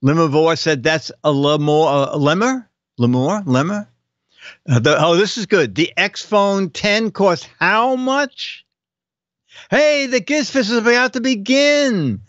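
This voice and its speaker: Older male host, high-pitched, unhurried, reading joke captions, dry muffled sound. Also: fairly bright tone, no echo. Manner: reads joke captions aloud with chuckles. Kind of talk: casual comedic live-stream chat.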